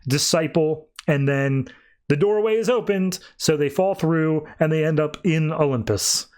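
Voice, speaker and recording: A man on a podcast recapping a comic, talking casually and acting out the characters in quick, animated quoted voices. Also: fairly high pitch.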